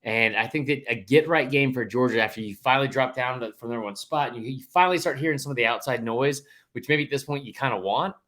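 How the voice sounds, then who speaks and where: A man's voice: mid-range voice, quick pace, fairly bright tone. A man in casual sports podcast chat, voice sitting in an ordinary middle register. He gets heated and emphatic, piling up restarts and fillers as his points tumble out, and he swears once he is fired up. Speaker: podcast co-host.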